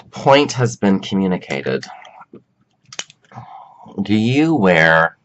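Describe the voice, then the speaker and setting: A man's voice: fairly low pitch, very animated, drawn-out words, fairly bright tone, highs cut off, slight background noise. A man hosting a casual video monologue, chatty and exclamatory, who drifts off topic mid-sentence. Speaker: vlog host and counselor.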